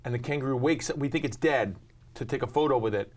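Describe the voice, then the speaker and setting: A man's voice: medium pitch, fast, darkish tone. Middle-aged man from New York, rambling interview guest, self-deprecating, plenty of ums. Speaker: actor and talk show host, guest. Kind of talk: casual interview chat.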